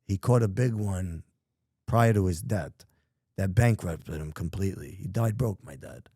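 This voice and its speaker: Guesting on a podcast, a middle-aged New Yorker tells his life story candidly, with emphatic profanity and street talk. His low, mellow voice is slightly rough and a little slow, recorded dry and clean in a studio.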